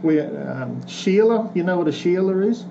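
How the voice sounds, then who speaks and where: Easygoing Australian man, slightly high. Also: expressive, moderate pace. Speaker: co-host. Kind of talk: casual interview chat. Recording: dull audio with clear background noise.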